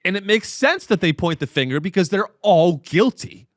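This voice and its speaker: A man's voice: high voice, animated, normal speed, no echo, studio quality. A man hosting a podcast in a casual comedic rant, profane and rambling. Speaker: podcast host.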